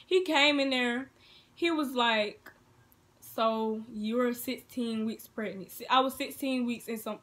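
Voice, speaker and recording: A young woman, telling a personal story in a casual storytime vlog, turning loud and excited. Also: on the high side, takes it slowly. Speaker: vlogger.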